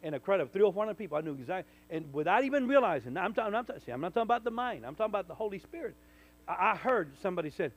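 A man, a minister, telling a personal testimony in conversation, full of restarts and sudden loud bursts. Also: high voice, very fast, rough recording. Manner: animated storyteller, stammering restarts, bursts loud when quoting. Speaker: minister, guest.

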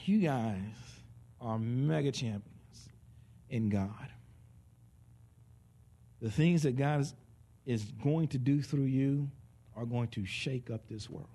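A man preaching a conversational sermon. He is animated and joking, and swings between soft and loud delivery. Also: medium pitch, takes it slowly, long pauses.

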